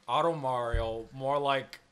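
A man giving casual let's-play commentary, excitable, with profane outbursts. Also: mid-range voice, slow pace, smooth. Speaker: gaming channel host.

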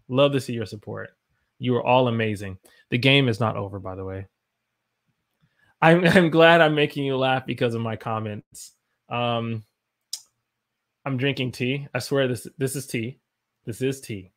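A man's voice: medium pitch, creaky, fairly bright tone. Brief: American male English teacher, casual livestream from a home room, jokey, reads chat aloud. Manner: playful, jokey, laughs often; reads viewer comments aloud.

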